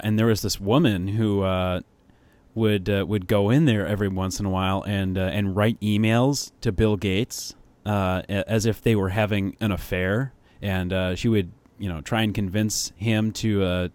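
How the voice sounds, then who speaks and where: A man's voice: fairly low pitch, a little mellow, dry recording. A man hosting a casual tech podcast, talking hesitantly with many fillers and restarts. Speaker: podcast host.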